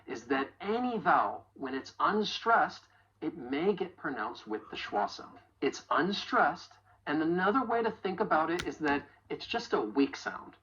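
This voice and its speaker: A woman teaching English pronunciation in a video lesson, carefully modeling example phrases slowly and clearly. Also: sits low, very animated, a bit bright, highs cut off, slight background noise.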